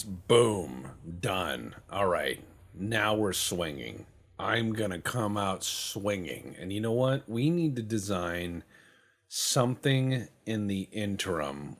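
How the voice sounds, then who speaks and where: A man casually commentating his gameplay, joking, swearing and mocking himself as he goes. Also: low-pitched. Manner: slips into quick silly voices for other countries. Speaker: gaming channel host. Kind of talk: casual let's-play commentary.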